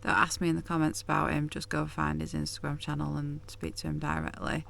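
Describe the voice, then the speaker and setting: A woman's voice: sits low, completely flat delivery, a little fast, gravelly, a bit bright. A woman talking candidly and chattily to camera in a casual vlog from inside her van. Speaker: vlogger.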